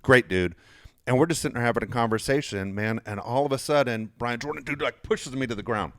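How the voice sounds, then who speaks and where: With a medium-pitched voice and a brisk pace, a man in his fifties, a podcast host formerly in sports media, spins casual stories laced with swearing. He gets animated and raises his voice to act out arguments, recorded in a studio with no echo.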